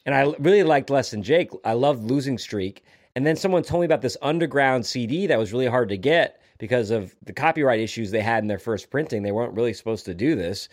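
A man's voice: medium pitch, animated, fast talker, few pauses. A man co-hosting a podcast in casual chat, rambling and correcting himself as he talks. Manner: rambling, self-correcting, acts out quotes. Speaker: podcast co-host.

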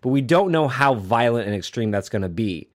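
A man in casual film talk, acting out movie lines in low growled voices. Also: lively intonation, fairly quick.

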